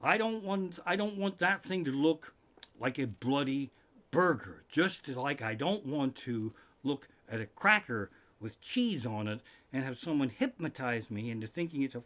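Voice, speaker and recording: A man doing a live-streamed comedic rant from his living room, profane and animated with sudden outbursts. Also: medium pitch, measured pace. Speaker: comedian host.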